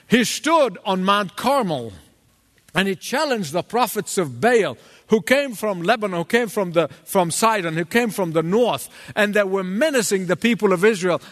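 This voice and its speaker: A man preaching a sermon as pastor, dramatic and animated, acting out the voices of the people in his story. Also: high-pitched, in a large hall.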